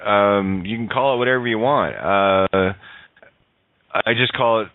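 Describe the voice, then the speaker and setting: Profane, animated man on a phone line. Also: fairly low pitch, measured pace, no echo. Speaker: radio show co-host. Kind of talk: casual spiritual chat. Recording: dry tinny phone line.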